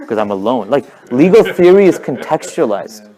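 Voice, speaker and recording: A young man telling a religious story in a casual, animated way, with many fillers and restarts. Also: medium pitch, normal speed. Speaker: speaker at a community talk.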